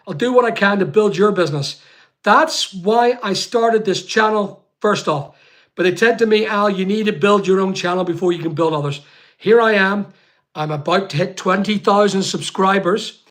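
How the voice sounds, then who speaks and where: A man's voice: sits high, a bit bright. A man with a Northern Irish accent hosting a live stream, chatting casually to viewers and reading out their comments in a rambling way. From Northern Ireland. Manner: chatty, rapid and rambling, calls people mate. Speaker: livestream host. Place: home studio.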